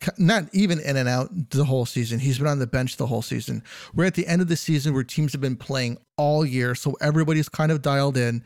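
A man's voice: medium pitch, no echo, clean studio sound. A man co-hosting a casual podcast, easygoing and leaning on filler phrases. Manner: easygoing, many "you know" fillers. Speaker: podcast co-host. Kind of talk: casual hockey podcast chat.

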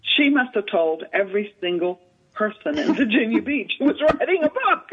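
A woman, telling an animated story as an author and literary agent guest in an interview, with many fillers. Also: medium pitch, normal speed, slightly rough. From Southern United States. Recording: tinny phone-line radio sound.

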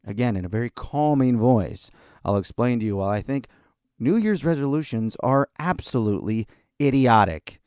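A man's voice: medium pitch, animated, moderate pace, a little mellow, clean tone, dry recording, clean studio sound. A man hosting a podcast, delivering a blunt, sarcastic talk-radio monologue. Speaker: podcast host.

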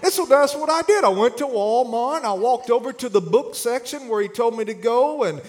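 High-voiced preacher man, lively storytelling. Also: normal speed. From Alabama. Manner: animated humorous storytelling, turning earnest. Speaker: pastor. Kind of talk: sermon.

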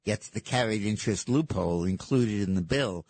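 A man's voice: lowish voice, moderate pace, a little mellow. A man hosting political talk radio, speaking in an emphatic, sardonic way. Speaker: radio talk show host.

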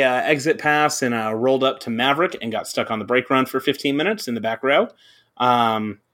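A man's voice: mid-range voice, a bit bright. Chatty man telling a rambling story. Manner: rambling anecdote-telling, heavy on fillers and swearing. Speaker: podcast co-host. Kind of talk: casual chat.

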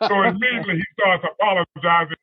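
High-voiced husky man spinning a yarn. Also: fast talker, narrow, tinny audio. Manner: rambling, full of "you know" and "right?". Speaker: guest storyteller. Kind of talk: casual anecdote on a radio talk show.

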